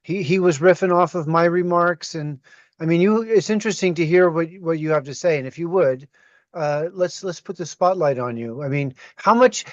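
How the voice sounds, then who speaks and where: A man's voice: fairly high pitch, dry recording, lo-fi sound. A man moderating an online discussion, asking thoughtful, probing questions over a video call.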